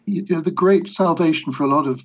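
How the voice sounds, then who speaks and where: A man's voice: a little high, a little fast, husky, muffled recording. An older man, a biographer, answering interview questions in a reflective, anecdotal way with hesitant restarts. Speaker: biographer guest.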